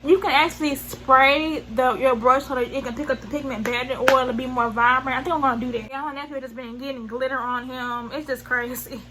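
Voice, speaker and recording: Woman, Southern US accent, high voice, beauty vlog, chatty, slangy, rambling. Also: sharp tone, slight background noise, low-quality recording. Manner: chatty, rambling, slangy, loses track mid-sentence. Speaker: beauty vlogger. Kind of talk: casual makeup tutorial.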